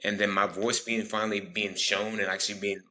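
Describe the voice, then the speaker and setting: A young man from Texas tells his story as an interview guest, in an earnest and rambling way, slipping into the voices of the people he quotes. His voice sits very low, yet it comes across bright and forceful. He talks at a quick clip. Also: little pitch movement. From Texas, United States.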